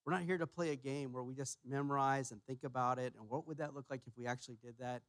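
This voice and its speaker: A man preaching a sermon as pastor, emphatic, repeating his key phrases and pushing louder on each point. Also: medium pitch, fairly even intonation, quick pace, dry recording. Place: church sanctuary.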